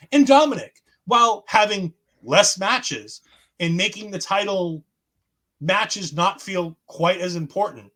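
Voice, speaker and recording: A man co-hosting a podcast, recapping in animated, casual chat and acting out what others said. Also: on the high side. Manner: animated storytelling, acts out quotes. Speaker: podcast co-host.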